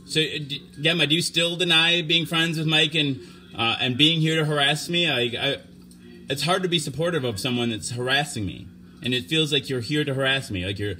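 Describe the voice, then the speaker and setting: A man hosting a livestream show, talking off the cuff in a halting, stammering way, earnest and defensive. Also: a little high, sharp tone. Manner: halting, stammering, restarts sentences. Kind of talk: unscripted livestream talk.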